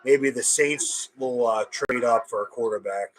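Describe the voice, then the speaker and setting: A young man reacting live as a nervous fan, talking anxiously and excitedly and repeating himself. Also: mid-range voice, unhurried, rough recording. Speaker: fan host reacting to draft.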